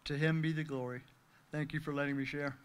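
A man's voice: a little high, level tone, brisk, very noisy. A man reading his prepared recovery testimony aloud, earnest and heartfelt, thanking those who helped him. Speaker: speaker sharing recovery testimony.

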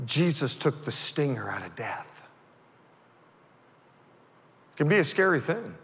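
A male pastor preaching an animated sermon that swings from quiet storytelling to fervent shouting. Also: a little high, a little slow. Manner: animated, builds to fervent shouting, acts out voices. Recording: reverberant church hall.

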